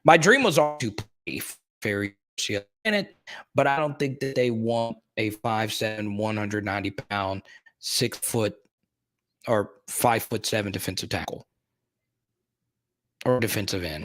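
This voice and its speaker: A man hosting a live sports stream, chatting casually and excitedly with his viewers and often repeating himself. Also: on the low side, moderate pace. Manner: excitable, talks straight to the chat, repeats himself.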